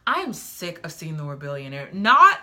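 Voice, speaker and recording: Young woman book reviewer, very bright voice, rambly, loose and chatty. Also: low-pitched, very animated, moderate pace. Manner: rambling, full of "like", goes off on tangents. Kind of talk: casual chat.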